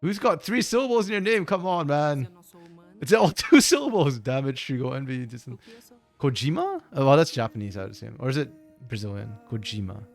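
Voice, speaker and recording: A man's voice: medium pitch, big pitch swings, brisk, faint music behind. A man co-streaming an esports match, chatting casually and rambling, correcting himself as he goes. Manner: rambling, self-correcting, chuckles often. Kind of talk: casual live-stream commentary.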